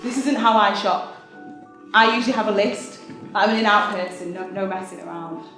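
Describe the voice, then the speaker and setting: A woman's voice: medium pitch, moderate pace. Woman doing a solo stage monologue, wry and chatty, really echoey theatre, bit of music. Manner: wry, lively storytelling with laughs.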